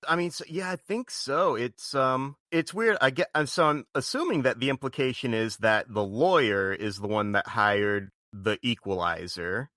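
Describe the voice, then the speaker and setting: A man guesting on a casual film review chat, thinking aloud in a musing, hedging way. His voice is bright and forceful, recorded close and dry. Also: mid-range voice, normal speed, hardly any pauses, dry recording.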